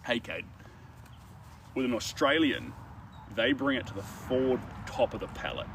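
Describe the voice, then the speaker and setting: A man's voice: mid-range voice, lively intonation, moderate pace, creaky, pauses often, noisy background. A man with a New Zealand accent chatting casually and rambling with filler words while he paints. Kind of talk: casual chat. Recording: distant mic, faint outdoor ambience.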